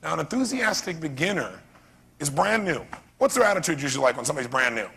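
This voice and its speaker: A man giving an animated live seminar talk as a motivational speaker, often quizzing his audience with questions. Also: on the high side, quick pace, vocal fry, slight background noise. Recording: long reverb of a seminar hall.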